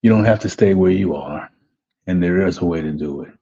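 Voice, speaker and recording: Motivational coach guy, low husky voice, keeps saying right? and man, kinda muffled lo-fi audio. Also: fairly quick, dark tone. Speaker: life coach hosting a live webinar. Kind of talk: motivational talk to viewers. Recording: dull lo-fi audio.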